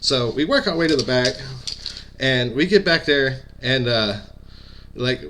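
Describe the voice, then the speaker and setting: A man's voice: mid-range voice, lively intonation, unhurried, background noise. A man, a former pro wrestler, telling a story in a casual, rambling way full of fillers and stutters.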